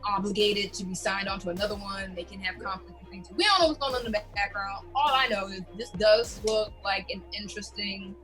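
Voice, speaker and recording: A woman co-hosting a casual online radio talk show, giving measured, opinionated takes. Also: medium pitch, fairly bright tone, faint music behind. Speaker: podcast co-host. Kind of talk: casual chat.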